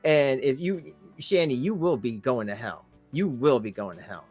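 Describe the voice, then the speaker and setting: A man's voice: mid-range voice, expressive, moderate pace, a little mellow, slightly rough, soft background music. A man hosting a reaction commentary channel, ranting at a streamer with sarcastic, scornful, mocking remarks.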